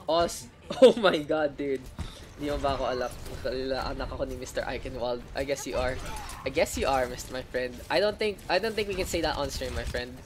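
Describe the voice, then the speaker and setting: A woman giving live play-by-play commentary on an esports match, shifting between excited calls and relaxed banter with her viewers. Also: deep voice. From Philippines. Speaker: esports caster.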